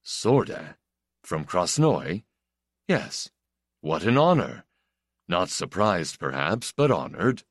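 A man's voice: low-pitched, sing-song, slow pace, pauses often, no room sound, studio quality, full character voice. A man voicing an edgy, ingratiating male prisoner with a mocking, sardonic drawl.

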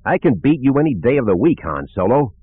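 A man voicing a cocky, smooth-talking male gambler who teases with sarcasm. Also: mid-range voice, very animated, fairly quick, no echo, pitched above the performer's own voice. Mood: needling, cocky. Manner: teasing, sarcastic, self-assured. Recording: narrow phone-like sound.

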